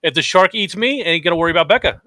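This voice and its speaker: A man co-hosting a casual podcast, telling jokey stories in an animated way. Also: a little high, very fast, no room sound. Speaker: podcast co-host, streamer.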